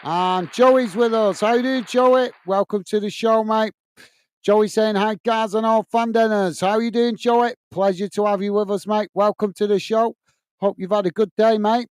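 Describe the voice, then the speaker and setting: An English man hosts a football watch-along stream, reading viewer messages aloud and thanking each person as "mate." His voice sits high, steady and darkish at normal speed with no echo, and he chats away, saying "mate" and "guys" a lot.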